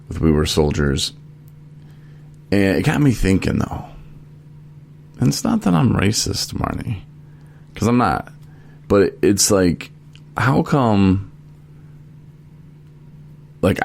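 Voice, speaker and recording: A man's voice: low-pitched, vocal fry, a little mellow. A man hosting a podcast in a studio, chatting casually and rambling with many fillers and restarts. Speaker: podcast host.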